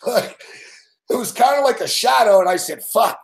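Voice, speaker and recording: A man's voice: extremely high pitch, lively intonation, normal speed, creaky. A man hosting a live sports betting show, telling a rambling story full of swearing and laughing at himself.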